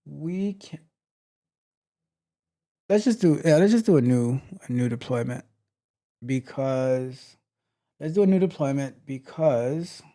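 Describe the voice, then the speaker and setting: A man coaching on tech during a live coding walkthrough, thinking aloud with halting restarts and trailing off. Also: mid-range voice, animated, dark tone.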